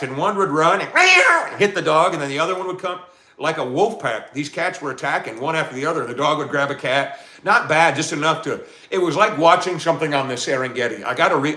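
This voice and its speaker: A man's voice: mid-range voice, sharp tone. A man hosting a casual live stream, laughing often and talking straight to his chat. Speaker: livestream host.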